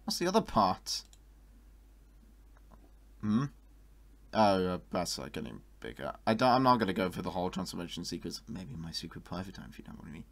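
Young guy, lowish voice, chatty reaction host, excitable with loud outbursts. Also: brisk, vocal fry, pauses often. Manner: excitable, bursts into high exclamations, laughs often. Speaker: YouTuber reacting to online art. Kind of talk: casual reaction commentary.

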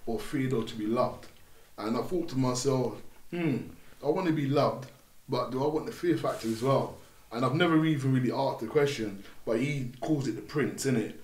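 A young man with a London accent talks through his stories in a relaxed podcast chat. His voice sits at an ordinary middle pitch, and he acts out other people's voices as he goes. The room sounds roomy, with a little echo. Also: moderate pace. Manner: animated storytelling, acts out voices in his anecdotes. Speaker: podcast guest.

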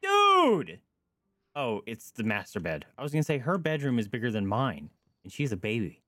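A male streamer commenting live on his gameplay, full of joking asides. His pitch jumps lively up and down as he reacts. The sound is close and dry, from a desk mic. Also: fairly quick, dry recording.

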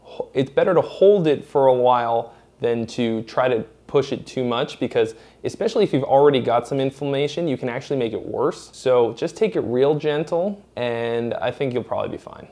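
A man's voice: medium pitch, lively intonation, moderate pace, mellow. Male vlog host from Massachusetts with no accent; candid, profane, casual Q&A delivery. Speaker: host answering viewer questions. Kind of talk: casual Q&A chat.

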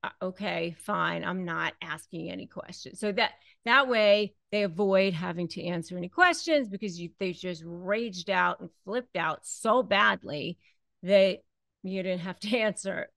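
A woman's voice: on the low side, a little slow, gravelly, a bit bright, no echo. A woman hosting an advice talk, speaking conversationally and acting out the lines she quotes. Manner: conversational, repeats herself, acts out quoted lines. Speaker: host. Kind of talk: direct-to-camera advice talk.

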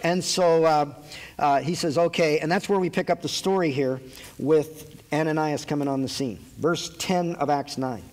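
A man's voice: fairly high pitch, normal speed, a little mellow. A man preaching a sermon to a live audience, conversational and joking as he retells a Bible story. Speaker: pastor. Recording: long hall reverb.

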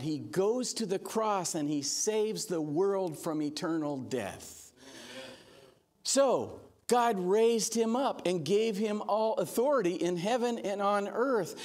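A male pastor preaches in a church, his voice sitting notably high for a man. He takes his time, speaking slowly and deliberately. He is earnest, but he slips in humor and acts out little quotes as he teaches. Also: expressive, darkish tone. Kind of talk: sermon.

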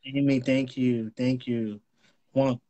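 Man giving viewers shout-outs, dry sound. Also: medium pitch, flat delivery, slow pace, dry recording, highs cut off. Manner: greets viewers by name with blessings and shout-outs. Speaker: ministry livestream host. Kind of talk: casual livestream chat.

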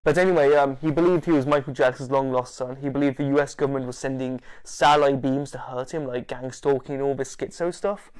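Animated man telling stories. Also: medium pitch, fairly quick, few pauses, clear, resonant tone. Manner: animated, laughing, swearing, with acted-out quotes. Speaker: interviewee. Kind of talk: casual storytelling.

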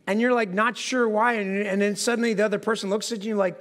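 Man, pastor, sermon, conversational, self-deprecating, asks the congregation questions, high voice. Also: fairly even intonation, fast talker, a bit bright. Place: church sanctuary before a congregation.

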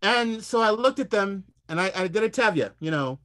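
High, bright-voiced man telling funny stories. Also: lively intonation, normal speed, hardly any pauses. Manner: humorous, playful, repeats words. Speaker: culinary historian and speaker. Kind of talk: animated anecdotal storytelling.

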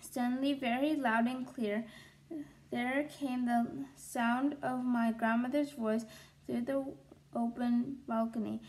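A woman reading a children's novel aloud, slowly and carefully, with small restarts. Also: fairly high pitch, fairly even intonation, a little mellow. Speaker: storybook reader.

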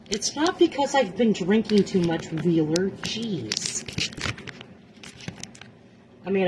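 A woman's voice: on the low side, a little slow, background noise. A middle-aged woman chatting to viewers during a live cooking stream from her small home kitchen. She talks casually and is self-deprecating, sounding exasperated by her setup and recording on her phone. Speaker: cooking livestream host.

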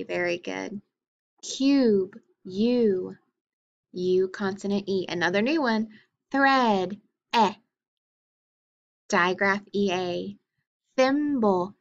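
A woman teacher working through a phonics lesson, naming each letter and sound with slow, deliberate care. Her pace is very unhurried, and the recording sounds dull and lo-fi. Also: medium pitch, fairly bright tone.

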